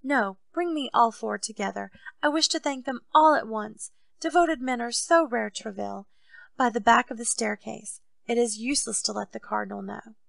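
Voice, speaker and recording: A woman reading aloud voices a proud, excitable male king, asking eager questions and giving orders. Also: a little high, normal speed, gravelly, no room sound. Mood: commanding.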